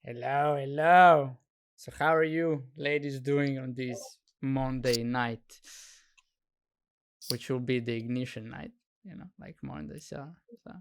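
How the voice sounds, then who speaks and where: A man's voice: medium pitch, level tone, a little slow, smooth. A man hosting a podcast in casual chat, laughing often and leaning on "you know" as he talks. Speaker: podcast host.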